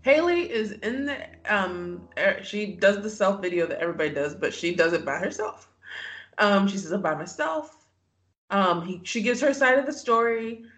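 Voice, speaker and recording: Animated, lively-pitched podcast co-host. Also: normal speed. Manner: animated storytelling, acts out quotes, laughs often. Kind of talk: casual recap chat.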